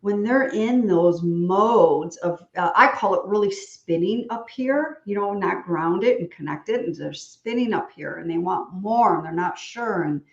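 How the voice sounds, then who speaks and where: A woman hosting an interview over a video call, talking in an animated, rambling, frank way with jokes. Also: medium pitch, measured pace, vocal fry, few pauses, roomy sound, dull audio. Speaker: podcast host. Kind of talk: casual interview chat.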